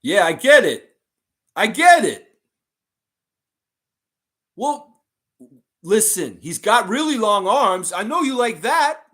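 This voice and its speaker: A man's voice: high-pitched, very animated, slow, long pauses, a bit bright, pitched above the performer's own voice, exaggerated voice. A man putting on a pleading Philly-accented fan. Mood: pleading, wheedling. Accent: put-on Philly accent. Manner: wheedling, pleading, haggling. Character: pushy fan pitching a trade to a front office, male adult.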